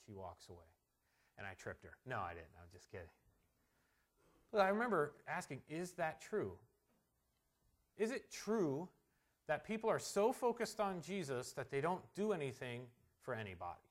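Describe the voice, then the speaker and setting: A male pastor preaching a sermon, pressing his points with strong emphasis and dropping into quiet, joking asides. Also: mid-range voice. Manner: emphatic, swings from soft asides to loud stressed points.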